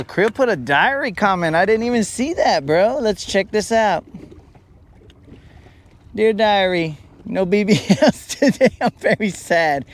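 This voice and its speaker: A high-pitched man with a fairly bright tone hosts a fishing livestream from his lake boat, clowning around and teasing chat with mock-dramatic gripes. Outdoors, the boat and water can be faintly heard.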